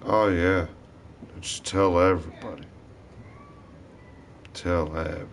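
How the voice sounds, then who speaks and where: Slow, rambling, profane man. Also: low-pitched, steady tone, creaky, slight background noise. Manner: cursing constantly, disjointed and rambling. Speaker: vlogger. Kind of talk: rambling profane rant to camera.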